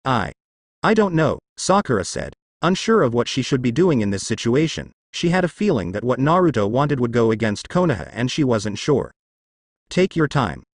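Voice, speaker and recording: A man's voice: mid-range voice, sing-song, a little fast, few pauses, no echo, studio quality. A young man reading fan fiction aloud as narrator, telling the story expressively.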